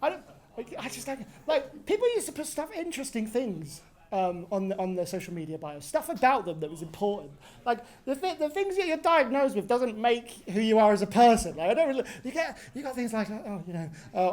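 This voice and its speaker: A woman's voice: on the high side, big pitch swings, moderate pace. A woman in her twenties doing a sweary stand-up set in a pub, ranting and tagging lines with "right?". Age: 20s. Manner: swearing, ranting, tag questions. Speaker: stand-up comedian. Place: pub venue.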